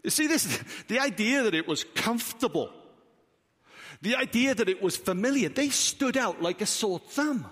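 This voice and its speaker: Welsh pastor preaching, high lively voice. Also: male voice, normal speed, breathy edge. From Wales. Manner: emphatic preaching with rhetorical questions. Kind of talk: sermon. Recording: reverberant hall.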